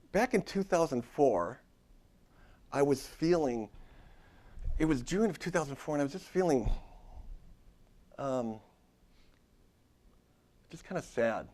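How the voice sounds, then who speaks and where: A therapist in his fifties teaches a university class with a voice of ordinary middle pitch. He talks in an informal, conversational way. He repeats phrases and keeps checking in with his students by asking "okay?". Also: a little mellow. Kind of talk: classroom lecture.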